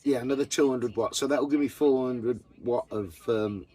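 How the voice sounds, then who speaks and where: A man's voice: mid-range voice, normal speed, warm tone, slightly rough. A man chatting casually to camera about his camper van, blunt and full of swearing. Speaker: vanlife vlogger.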